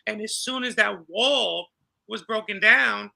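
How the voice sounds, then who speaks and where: A middle-aged man from New York, a podcast guest telling a personal story in an animated way and acting out the dialogue. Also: high-pitched, measured pace, gravelly. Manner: animated, acts out dialogue with laughter. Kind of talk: storytelling in an interview.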